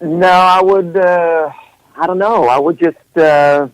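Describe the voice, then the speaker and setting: A man's voice: a little high, fairly even intonation, slow, clean tone, no echo, low-quality recording. A man whose first language is Swedish, a musician guest on an internet radio interview, talking playfully with fillers and frequent laughs.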